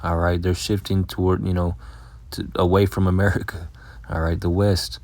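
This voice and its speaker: A man giving a casual, blunt Bible lesson, swearing freely and filling every pause with "all right" and "man". He reads scripture slowly and deliberately. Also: deep voice, level tone, a little mellow, dry recording. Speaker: Bible teacher.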